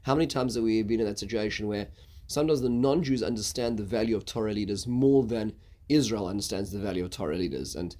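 A man teaching a casual Bible lesson, halting, with many stuttered restarts. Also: on the low side, mellow. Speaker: Torah teacher.

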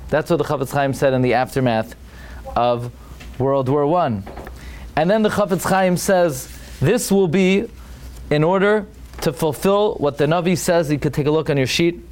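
A man's voice: a little high, a little hiss or hum. A man teaching a Torah class as a rabbi, telling the story dramatically and with emphasis, full of restarts and Hebrew terms. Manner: sprinkles Hebrew and Yiddish terms.

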